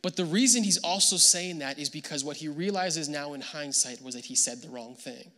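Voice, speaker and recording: Animated bright-voiced male pastor preaching. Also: on the high side, a little fast, big-room sound. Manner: animated, acts out quoted voices. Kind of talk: sermon. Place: church hall.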